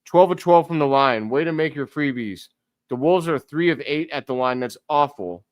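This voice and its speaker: Excitable man calling a game. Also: fairly high pitch, moderate pace, clean tone, no echo, studio quality. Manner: excitable fan, talks to chat. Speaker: live stream host. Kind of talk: casual play-by-play commentary.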